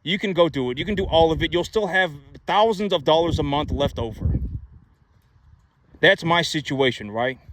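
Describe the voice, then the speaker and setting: A man's voice: fairly high pitch, normal speed, noisy background. A man giving money advice in a casual, emphatic monologue, repeating himself and asking rhetorical questions. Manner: repetitive, emphatic, many rhetorical "right?" asides.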